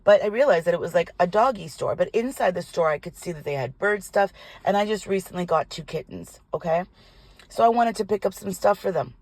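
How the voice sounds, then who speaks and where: An older woman, a tarot reader, telling a personal story in an animated, indignant way, with some swearing. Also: lowish voice, fairly quick, no room sound. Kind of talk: casual storytelling vlog. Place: parked car.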